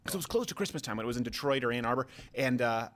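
Guy hosting a podcast, talks fast, jokey, voice jumps all over. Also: medium pitch. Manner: animated, quick, jokey, asks questions. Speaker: podcast host. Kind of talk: casual comedic chat.

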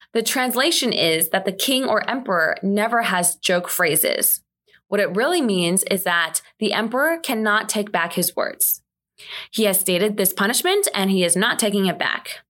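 A woman's voice: mid-range voice, lively intonation, moderate pace, a bit bright. A woman casually recapping a period drama, chatty with wry, sarcastic asides.

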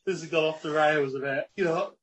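A man's voice: fairly high pitch, a little fast. A man hosting a podcast in casual chat, wry and swearing casually as he steers the show. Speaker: podcast host.

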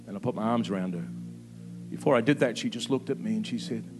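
A man, preaching a sermon with impassioned emphasis that rises to peaks and drops soft. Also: medium pitch, brisk, pauses often, over music. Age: 50s. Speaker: pastor.

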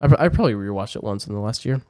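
Young male co-host, low voice, dry room, relaxed and halting. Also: dry recording. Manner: easygoing, hesitant, many fillers. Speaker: podcast co-host. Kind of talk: casual chat.

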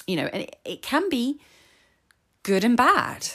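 A woman's voice: fairly high pitch, very animated, measured pace, pushed and bright, husky. A woman in her forties hosting a solo podcast, talking in a chatty, candid and openly emotional way. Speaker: podcast host. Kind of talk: casual solo podcast talk.

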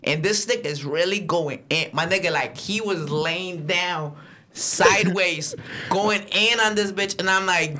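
A young man telling a story in a casual, profane chat, swinging into loud acted-out quotes. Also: high voice, a little slow, a little hiss or hum. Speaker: podcast co-host and rideshare driver.

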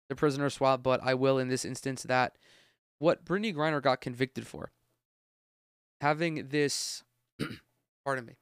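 A man's voice: medium pitch, vocal fry, clear, resonant tone, dry recording, clean studio sound. A man hosting a solo podcast from a room at home, giving blunt, opinionated commentary full of swearing. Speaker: podcast host. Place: room at home with windows open.

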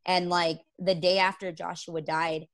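A woman giving an emotional, halting account of her own experience as an interview guest. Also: lowish voice, flat delivery, fairly bright tone. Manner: emotional, halting storytelling with many fillers. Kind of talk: personal testimony interview.

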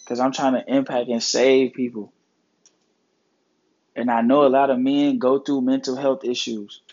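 A man's voice: medium pitch, level tone, a little slow, darkish tone, highs cut off. A man hosting his own podcast, talking earnestly and casually about life and mental health, with plenty of swearing and slang. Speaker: podcast host. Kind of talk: casual motivational talk.

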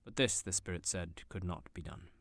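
A man narrating a classic story aloud with expressive, dramatic pacing. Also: low-pitched, normal speed, gravelly, no echo, studio quality. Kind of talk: storybook reading.

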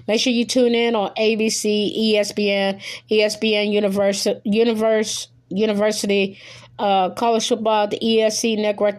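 A woman hosting her own podcast in casual solo chat, rambling and correcting herself, a little nervous. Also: fairly high pitch. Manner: rambling, self-correcting, hurried plugs. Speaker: podcast host.

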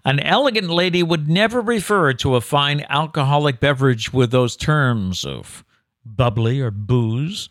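Lively-voiced man reading an article aloud. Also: mid-range voice, a little slow, no room sound, clean studio sound. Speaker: co-host of a daily news show. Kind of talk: casual chat, reading out an article.

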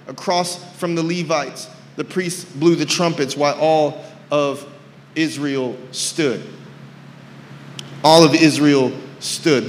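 High-energy preaching man, big hall. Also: slight background noise. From California. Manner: energetic preaching with shouts and joking asides. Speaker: pastor. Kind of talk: sermon. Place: large church sanctuary. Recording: reverberant church hall.

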